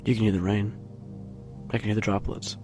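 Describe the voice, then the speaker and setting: A man with a slightly low voice rambles casually into a tabletop microphone in a carpeted room at home. He drifts along with plenty of fillers and restarts, and soft music plays faintly behind him. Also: little pitch movement, a little fast. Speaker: vlogger. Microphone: tabletop USB microphone, close, with headphones on.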